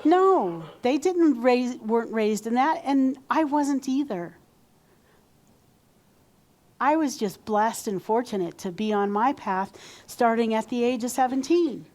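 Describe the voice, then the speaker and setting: Woman minister, fairly high voice, conversational sermon delivery. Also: darkish tone. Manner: conversational, acts out quoted self-talk.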